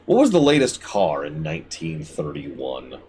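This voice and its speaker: A man giving live gameplay commentary as a streamer, talking to the game and swinging between shouted outbursts and low mutters. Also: wildly swooping pitch, a little slow, a little hiss or hum.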